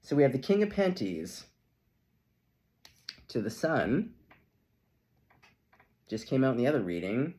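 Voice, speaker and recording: A middle-aged man talks viewers through a tarot spread in a loose, chatty way. His pitch is animated and swings widely, and he keeps slipping into playful asides and little laughs. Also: a little slow, pauses often. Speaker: tarot reader. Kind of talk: casual tarot reading to camera.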